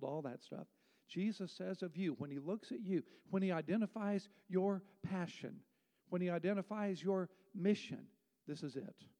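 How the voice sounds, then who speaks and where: A man's voice: on the high side, dark tone. A man preaching a sermon as pastor, emphatic and rhetorical, reading scripture aloud. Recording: long hall reverb.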